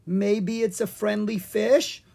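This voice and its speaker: A reader performs a young boy dragon from a children's storybook in a medium-pitched, sing-song, slightly rough voice, a little slow. The character is nervous and sarcastic, sounding wary, worried, dry, and whiny.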